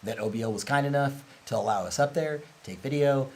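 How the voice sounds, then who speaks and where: A man's voice: mid-range voice, brisk, darkish tone, slight background noise, poor audio. Candid, chatty man on a livestream. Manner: candid, rambling, laughs easily. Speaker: host, company representative. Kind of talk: casual livestream chat.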